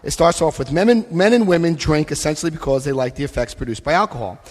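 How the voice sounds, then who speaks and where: A man giving a lively recovery talk to a live convention audience, acting out scenes and voicing quotes. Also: fairly high pitch, quick pace. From United States. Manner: animated, acts out scenes, shifts voice for quotes. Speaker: AA convention speaker. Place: convention hall. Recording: long hall reverb.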